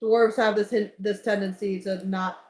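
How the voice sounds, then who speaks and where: A woman narrating a tabletop game as game master, chatty and quick to laugh. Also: mid-range voice, fairly even intonation, darkish tone. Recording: echoey room.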